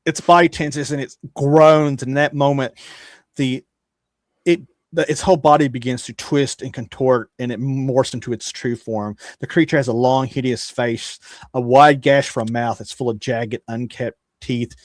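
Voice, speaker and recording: A man's voice: mid-range voice, steady tone, normal speed, no echo. Male game master, casual rambling narration, dry recording. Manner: casual, rambling, with frequent restarts.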